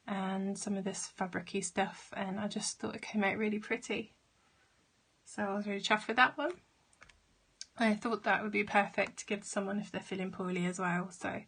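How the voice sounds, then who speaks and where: A woman chatting casually as she shows her handmade cards, a little hoarse from losing her voice. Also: medium pitch, a bit bright. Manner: chatty, with fillers and trailing asides. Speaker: craft vlogger. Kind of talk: casual show-and-tell.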